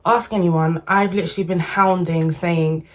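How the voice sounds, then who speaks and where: A woman giving chatty, opinionated football commentary to camera, animated and full of slang. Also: fairly low pitch, moderate pace. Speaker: football vlogger.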